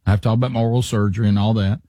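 A middle-aged man, a podcast co-host telling a rambling, animated story in casual chat. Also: lowish voice, rapid-fire, dry recording, clean studio sound. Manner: rambling, animated anecdotes with restarts.

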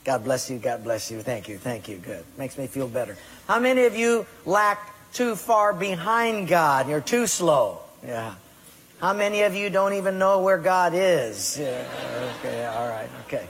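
A man's voice: on the high side, measured pace, a bit bright, breathy edge. A man preaching a sermon, putting direct questions to his congregation. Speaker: pastor. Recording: echoey hall with long reverb.

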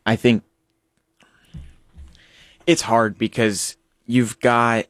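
A man's voice: medium pitch, level tone, extremely slow, a bit bright, no room sound, clean studio sound. A seventeen-year-old guest on a talk radio show, explaining his views in an earnest way and backing them with numbers. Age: teens. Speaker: student guest.

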